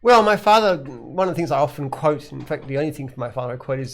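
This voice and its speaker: A man's voice: mid-range voice, quick pace, a bit bright. An Australian man, a company founder, answering questions in a casual live chat, plainspoken and rambling with frequent restarts.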